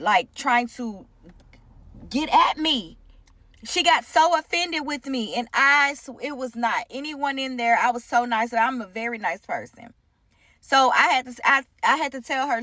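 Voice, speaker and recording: Gravelly woman telling a story. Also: fairly high pitch, a little slow. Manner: animated, retelling events with quoted dialogue. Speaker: post-op care provider. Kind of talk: storytelling in a clip.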